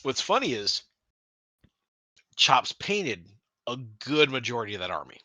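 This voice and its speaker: A man co-hosting a casual hobby podcast, talking with animated energy, swearing freely and restarting sentences. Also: medium pitch, unhurried, no echo. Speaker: podcast co-host.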